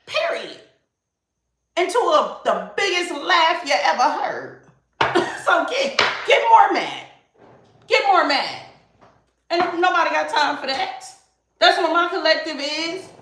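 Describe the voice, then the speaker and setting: A woman's voice: high voice, bright, forceful tone, reverberant, slight background noise. A woman giving a live-streamed tarot reading, emphatic and sassy, repeating phrases for emphasis. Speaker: tarot reader.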